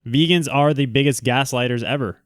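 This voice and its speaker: Smooth-voiced man chatting on a livestream. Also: mid-range voice, no room sound, studio quality. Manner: rambling, quick asides to viewers. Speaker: livestream host. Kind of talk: casual livestream chat.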